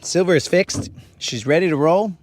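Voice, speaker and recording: A man's voice: fairly high pitch, normal speed, a little hiss or hum. A man hosting a casual fishing vlog from a boat at night, joking around and talking to viewers like his bros. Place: outdoors on a boat at a lake at night.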